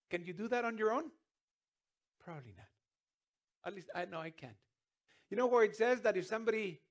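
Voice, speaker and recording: A man preaching a sermon as pastor, earnest, with restarts and sudden emphatic rises. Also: high-pitched.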